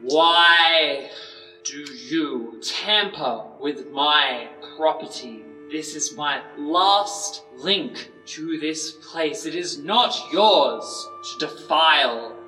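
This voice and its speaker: A game master voicing a vengeful spectral woman ghost who speaks in slow, menacing pronouncements. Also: mid-range voice, expressive, sharp tone, reverberant, big-room sound, soft background music, full character voice, rough recording.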